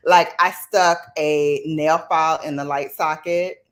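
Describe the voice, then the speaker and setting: A woman with a low voice hosts a casual live chat. She talks at an unhurried pace and rambles from story to story. She laughs often and reads viewer comments aloud. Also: steady tone. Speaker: livestream host.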